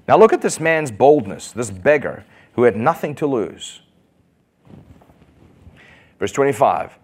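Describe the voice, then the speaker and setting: Male pastor, lively and animated sermon delivery that speeds up in bursts. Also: medium pitch, breathy edge. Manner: animated, asks the congregation questions, quick bursts. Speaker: preacher.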